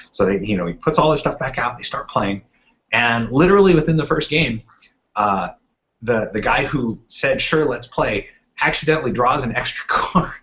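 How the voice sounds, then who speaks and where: A man's voice: medium pitch, fairly bright tone. Man telling rambling stories, lo-fi audio. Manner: rambling anecdotes with acted-out quotes. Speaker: podcast co-host. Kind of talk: casual storytelling chat. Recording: muffled lo-fi podcast audio.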